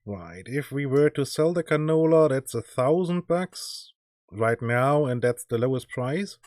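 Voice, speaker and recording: A man's voice: mid-range voice, lively intonation, unhurried, darkish tone, dry recording. A man with a German accent chatting casually and joking while he plays a farming game on stream. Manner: chatty, joking, thinks aloud. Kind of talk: casual gameplay commentary. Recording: noisy background hiss.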